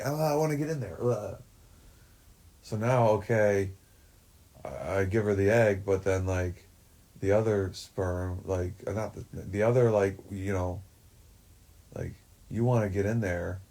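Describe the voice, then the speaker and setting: A man's voice: lowish voice, mellow. A man talking in a rambling, profane way, full of fillers, in a livestream monologue. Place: forest shack.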